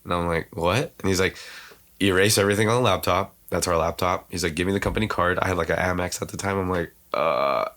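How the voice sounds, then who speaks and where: A man's voice: sits low, a bit bright. A man as a podcast guest, telling stories in loose, slangy casual talk full of fillers, acting out what others said. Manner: slangy, quotes others' words in quick reenactments. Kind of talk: casual storytelling chat.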